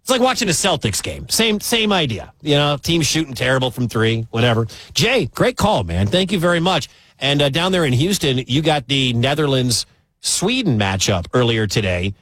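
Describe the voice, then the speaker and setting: A man's voice: on the high side, no room sound. A man hosting a call-in sports radio show, joking and bantering with callers. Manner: lively, jokey, fast banter with callers.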